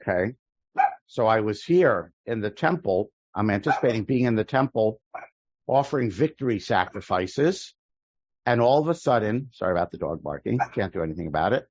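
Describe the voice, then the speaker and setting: A rabbi teaches a prayer-book class over a video call, walking through the text line by line in a thoughtful way and often pausing and restarting mid-sentence. His voice is on the low side with lively intonation, with no room sound and the highs cut off.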